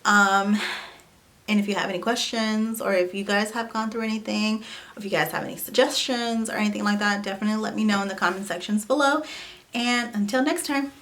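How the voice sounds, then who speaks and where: A young woman talks straight to camera in a casual vlog, telling a personal story. She is animated and chatty, and she leans on "like" and "you know" as she goes. Her voice sits at an ordinary middle pitch for a woman. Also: a little fast. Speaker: vlogger.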